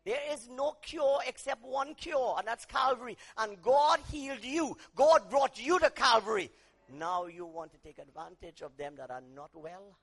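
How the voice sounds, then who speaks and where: A man preaching a sermon, dropping to quiet asides, rising to shouted emphasis, and acting out quoted voices. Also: very high voice, normal speed.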